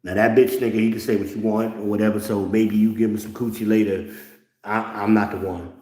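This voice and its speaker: A middle-aged man with a low voice rants bluntly and mocks his listeners. His talk is full of profanity. The room around him is echoey. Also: level tone, a little fast, darkish tone. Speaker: host. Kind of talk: ranting commentary.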